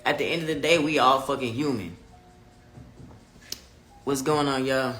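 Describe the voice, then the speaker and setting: A man's voice: mid-range voice, moderate pace, a bit bright, roomy sound, faint music behind. A man livestreaming casual chat to his viewers and reading their comments, candid, profane and emphatic. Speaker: vlogger talking live to viewers.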